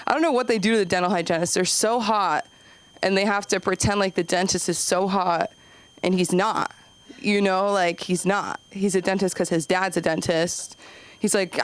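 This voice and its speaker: A woman's voice: mid-range voice, moderate pace. A woman doing a stand-up set at an open mic, rambling through self-deprecating asides. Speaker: stand-up comedian.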